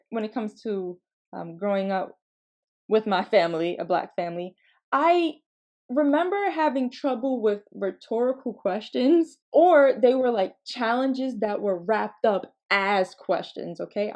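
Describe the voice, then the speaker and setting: A woman in her twenties hosting a podcast, telling comedic stories in a casual, animated way, laughing and swearing freely. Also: medium pitch, a little slow. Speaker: podcast host.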